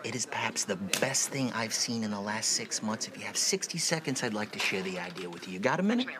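An actor as a slick persuasive stockbroker. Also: male voice, lively intonation, fast talker, a crowd in the background, lightly acted. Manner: smooth, persuasive sales pitch. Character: slick smooth-talking stockbroker, grown man. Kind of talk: film drama acting.

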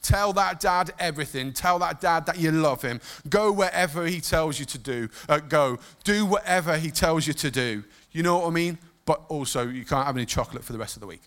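Male preacher, bright sharp voice, kinda high, gets emotional and goes quiet then loud. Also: a little fast, hardly any pauses. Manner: emotional, animated storytelling with sudden soft drops. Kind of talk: sermon.

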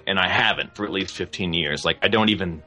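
Man, 40s, from the American South; guest musician, casual storyteller, restarts a lot, laughs often; low voice with a bright edge. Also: fast, soft background music. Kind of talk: casual conversation.

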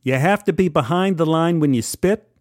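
A man's voice: a little high, moderate pace, a little mellow, dry recording, clean studio sound, natural voice. A man voicing a bored male contest registration worker who explains rules in a matter-of-fact way.

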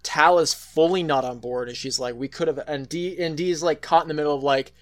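A man talks through a story in a loose, casual podcast chat. His voice sits a little high, and he circles back with fillers and restarts as he goes. He swears freely along the way. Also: fairly quick. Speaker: podcast co-host.

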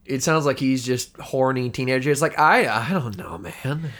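A man's voice: medium pitch, lively intonation, moderate pace, fairly bright tone. A man joking around as a player in a tabletop story game, talking loosely with lots of fillers. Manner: jokey, many "like" fillers. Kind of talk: casual banter at a game session.

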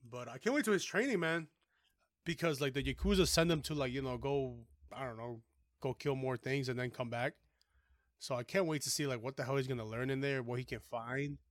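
A man's voice: medium pitch, no room sound, clean studio sound. A man co-hosting a podcast in casual chat, easygoing and full of filler words. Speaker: podcast co-host.

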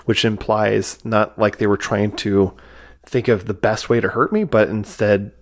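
A man co-hosting a podcast, asking relaxed questions in casual chat with some swearing. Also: lowish voice, a little slow. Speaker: podcast co-host.

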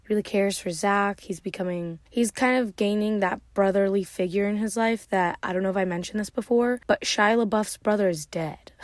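A woman's voice: medium pitch, moderate pace, no echo. A woman giving a casual, rambling movie recap, giggling often and filling her speech with "like". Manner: rambling, giggly, heavy use of "like". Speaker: vlogger.

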